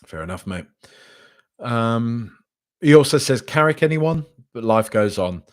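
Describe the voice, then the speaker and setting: A man's voice: mid-range voice, expressive, unhurried. A man hosting a live podcast, reacting casually and reading out chat messages, with lots of ums and restarts. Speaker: podcast host.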